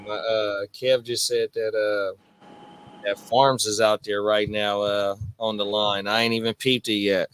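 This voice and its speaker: A man co-hosting a podcast, speaking in a relaxed, slangy way with many fillers. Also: lowish voice, a little slow, slight background noise. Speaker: podcast co-host. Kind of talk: casual chat.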